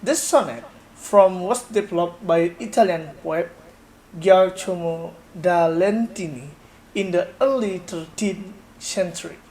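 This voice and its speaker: Young student reading class notes real slow, mid pitch, light hiss. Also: darkish tone, rough recording. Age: young adult. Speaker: student presenter.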